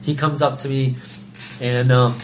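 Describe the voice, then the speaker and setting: A young man chatting on a podcast as a guest, telling an animated story and acting out the voices of the people in it. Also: mid-range voice, unhurried, a little hiss or hum. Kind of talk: casual chat, storytelling.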